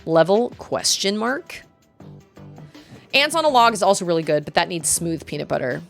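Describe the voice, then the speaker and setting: A woman's voice: on the low side, very animated, normal speed, gravelly. A woman streaming a game, chatting casually with viewers and reading game dialogue aloud in playful voices. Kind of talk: casual gameplay commentary. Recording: faint game music behind.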